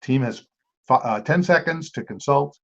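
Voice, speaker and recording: Man, quiz host, lively pitch, slow repeated clues, muffled recording. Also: gravelly. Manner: measured, repeats each clue slowly. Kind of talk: reading quiz clues aloud. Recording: dull lo-fi amateur recording.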